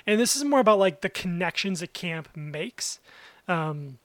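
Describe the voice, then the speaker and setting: A man's voice: high voice, expressive, unhurried, no room sound. A young man co-hosting a podcast, chatting casually and upbeat. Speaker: podcast co-host. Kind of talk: casual chat.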